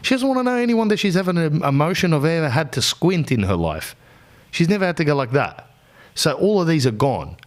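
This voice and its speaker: A man's voice: a little high, brisk. An Australian man hosting a podcast, rambling through a slangy comic monologue and slipping into other people's voices. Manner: animated, slips into characters' voices. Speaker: podcast host. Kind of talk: comedic storytelling monologue.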